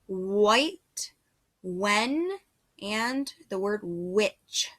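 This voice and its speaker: A woman's voice: medium pitch, lively intonation, very slow, fairly bright tone. A woman teaching first grade phonics, patiently sounding out letters and words one at a time. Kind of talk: slow phonics dictation lesson.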